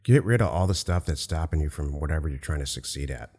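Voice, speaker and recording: A man hosting a business podcast, chatting in a relaxed, encouraging way with light jokes. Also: very deep voice, fast talker, in a large hall. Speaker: podcast host. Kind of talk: casual chat.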